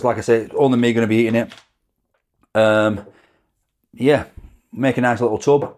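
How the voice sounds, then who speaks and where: A man's voice: fairly low pitch, darkish tone. A middle-aged man, chatting casually to camera as a food vlogger, rambling and laughing often.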